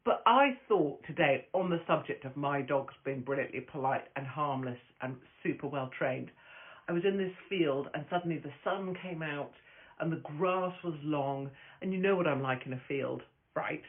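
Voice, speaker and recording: A woman's voice: low voice, normal speed. Brash, foul-mouthed woman on a phone stream. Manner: brash, profane, rambling, laughs often. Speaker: host of a live stream, stand-up comic. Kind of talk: casual live-stream chat. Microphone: phone camera. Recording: tinny phone-quality audio.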